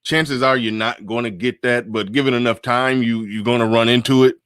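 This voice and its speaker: A man's voice: mid-range voice, steady tone, moderate pace, fairly bright tone, clear, resonant tone, no room sound, studio quality. A man hosting a casual livestream talk show, rambling through his thoughts with many restarts and fillers. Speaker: host.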